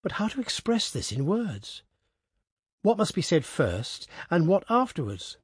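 A man narrating a story aloud in a measured, even manner. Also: high-pitched, breathy edge, dry recording, clean studio sound. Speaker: audiobook narrator. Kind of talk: scripted narration.

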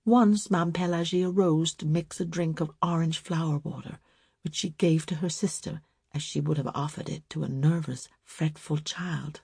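A woman reading a story aloud as narrator, slow, calm and measured. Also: sits low, vocal fry, breathy edge, dry recording, studio quality.

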